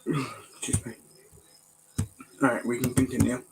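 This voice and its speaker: Male speaker, slow and rambling, casual talk full of fillers. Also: mid-range voice, flat delivery, gravelly, background noise. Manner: rambling, halting, many fillers and self-corrections. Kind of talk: casual chat.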